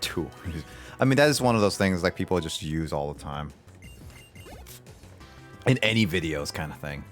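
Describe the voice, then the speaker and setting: A man's voice: low-pitched, lively intonation, normal speed, pauses often, soft background music. A young man streaming a game, chatting casually, laughing often and musing aloud about the game. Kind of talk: casual chat while gaming.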